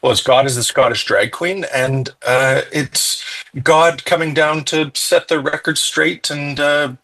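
A man's voice: on the high side, steady tone, measured pace, gravelly, bright, forceful tone, poor audio. A man interviewed as a comedian guest, chatty, with stumbling restarts and laughs. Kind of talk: interview answers.

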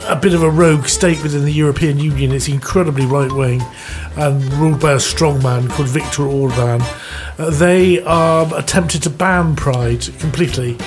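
A man co-hosting a podcast, going over news in a measured way with uhs. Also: on the high side, steady tone. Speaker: podcast co-host. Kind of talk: news chat. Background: music.

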